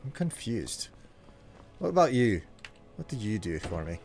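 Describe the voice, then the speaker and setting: A man's voice: fairly low pitch, sing-song, unhurried, soft background music. Jokey male game streamer. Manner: chatty, jokey, reacts out loud to the game. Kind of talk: live gameplay commentary.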